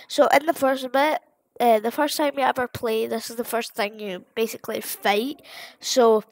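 A woman's voice: a little high, fairly even intonation, moderate pace, no room sound. A woman giving casual gameplay commentary, rambling along with plenty of fillers and restarts. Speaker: gamer.

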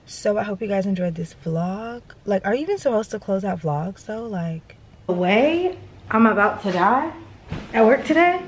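A woman's voice: medium pitch, lively intonation, moderate pace, slight background noise. A young woman vlogging casually to a handheld camera, rambling and chatty, tired and a little out of breath. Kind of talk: casual vlog chat to camera.

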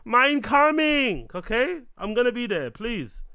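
A squeaky, eager German caricature, as a man puts on a mock accent. The delivery is exaggerated and drawn out, with a very high pitch. The voice sounds smooth, clean and dry. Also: big pitch swings, unhurried, bright, forceful tone, no echo, exaggerated voice. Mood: silly mocking. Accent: put-on German accent.

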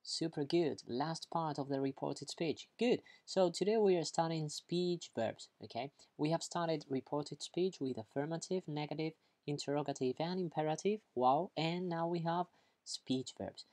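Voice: medium pitch, moderate pace, a little mellow. Upbeat teacher. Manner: upbeat, chatty, keeps checking in with "okay?"; playful, acts out examples, laughs at own jokes. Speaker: English teacher. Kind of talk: online grammar lesson, explaining vocabulary.

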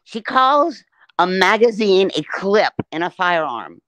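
A woman's voice: medium pitch, sing-song, takes it slowly, fairly bright tone, no room sound. Woman guest on a livestream, foul-mouthed and blunt, dry close sound. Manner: blunt, profane ranting. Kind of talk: casual livestream chat.

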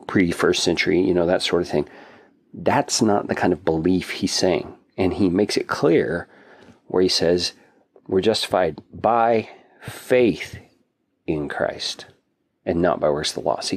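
A man's voice: sits low, gravelly, breathy edge. A man teaching a Bible passage in an earnest, explanatory way, thinking aloud as he goes. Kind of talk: casual Bible study teaching.

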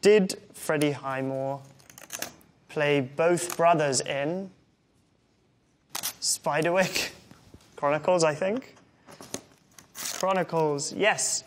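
A man's voice: fairly high pitch, very slow, pauses often, slight background noise. A man in his twenties with an English accent reads questions aloud and answers them with wry, self-deprecating humor. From England. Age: 20s. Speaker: interviewee.

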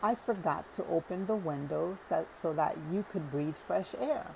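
An eager old man who bustles and apologizes as he fusses over his guest, read by a woman. He speaks low and slow with a gravelly edge, like a character in a spoken storybook. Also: background noise. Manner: exclaiming, apologetic and hospitable. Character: eager, fussing cheerful old man, younger brother.

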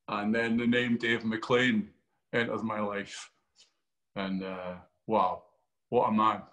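Glaswegian guy in an interview, animated storytelling, swears a lot, voices the people in his story. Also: medium pitch. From Scotland. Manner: animated storyteller, swearing often, acting out quotes. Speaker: actor. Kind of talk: interview anecdote.

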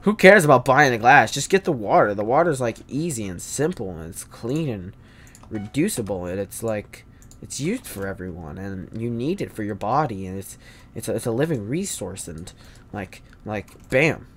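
A man hosting a gaming channel, rambling through Minecraft commentary and bursting into loud angry yelling. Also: on the low side, lively intonation, normal speed, a little hiss or hum.

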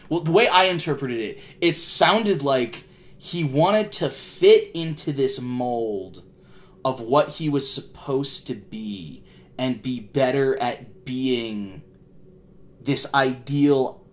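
Rambling self-deprecating young man. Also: mid-range voice. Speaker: reaction channel host. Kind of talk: casual reaction commentary.

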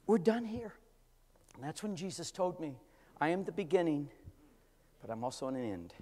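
An older man, a pastor, preaching a storytelling sermon that swings from quiet talk to shouting, in a church. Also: fairly high pitch, lively intonation, fairly quick. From California. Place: church sanctuary. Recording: church hall with long reverb.

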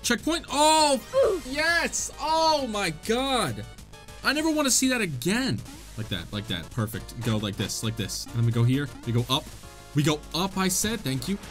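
A young man giving casual, excitable gameplay commentary, swearing and trash-talking the enemies. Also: sits high, moderate pace, soft background music. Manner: excitable, profane, jokey trash talk. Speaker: gaming video host.

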